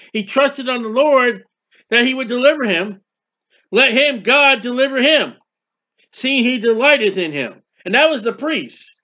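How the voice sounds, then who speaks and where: Fervent high-voiced man preaching. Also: sharp tone. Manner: fervent, repetitive preaching with rhetorical questions and acted-out prayers. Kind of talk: sermon.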